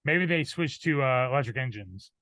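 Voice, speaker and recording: A man's voice: mid-range voice, expressive, normal speed, pushed and bright, dry recording. Laid-back man on a dry mic. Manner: laid-back, short agreeing replies. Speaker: podcast co-host. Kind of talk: casual chat.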